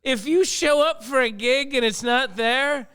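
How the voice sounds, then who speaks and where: A man's voice: extremely high pitch, a little slow, pushed and bright, clean tone. A man chatting casually about comedy gigs, dry and wry, with mock-formal turns of phrase. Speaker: comedian guest. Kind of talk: casual chat.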